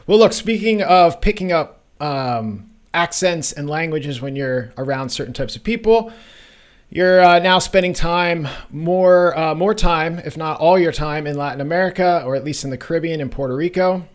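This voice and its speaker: A man's voice: fairly high pitch, normal speed. A man hosting a casual finance podcast, joking around and talking loosely with fillers. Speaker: podcast host.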